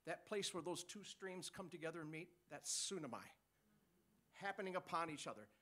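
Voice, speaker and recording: A man's voice: a little high, a little fast, pushed and bright. A man preaching a sermon, teaching with call-and-response and chuckles.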